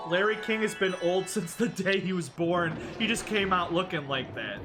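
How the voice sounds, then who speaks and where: A woman streamer commentates casually while she plays, breaking into excited exclamations and mild swearing. Game music plays clearly behind her voice. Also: lowish voice, normal speed, few pauses.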